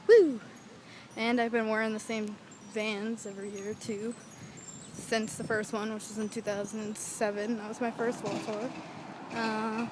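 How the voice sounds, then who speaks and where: A young woman telling a rambling, excitable story in a casual vlog, swearing freely, recorded outdoors near a street. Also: on the high side. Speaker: vlogger. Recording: traffic noise from outdoors.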